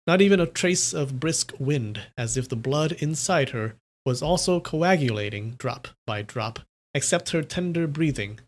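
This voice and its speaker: A streamer reads a translated wuxia novel aloud on a live stream, moving into loose, playful chat with viewers between passages. The delivery is casual and unpolished, with a mid-range pitch. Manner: casual, playful, chatty asides.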